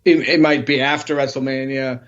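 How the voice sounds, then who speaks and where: A man's voice: mid-range voice, little pitch movement, brisk, a bit bright. A man co-hosting a casual wrestling podcast, rambling and restarting his sentences, swearing freely. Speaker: podcast co-host. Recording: dull lo-fi audio.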